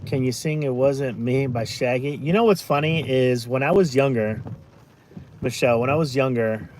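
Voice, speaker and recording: A man's voice: medium pitch, moderate pace, darkish tone. A man in his forties chatting casually on a live stream from his car, rambling through stories with lots of fillers and restarts and reading out viewer comments, recorded on a phone. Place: in a car, driving around town. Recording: car and street noise behind.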